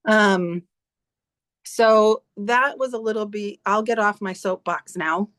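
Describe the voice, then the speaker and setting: A woman's voice: medium pitch, takes it slowly, fairly bright tone. A woman on a video call, a team leader giving her team a blunt, emphatic motivational talk full of swearing. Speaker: team leader in direct sales.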